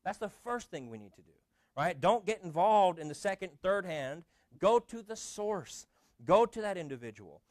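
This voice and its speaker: Pastor, male, sermon delivery, slightly high voice, dry close sound, chatty with many ums. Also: big pitch swings, normal speed, a little mellow, no echo. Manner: conversational preaching with frequent fillers and restarts.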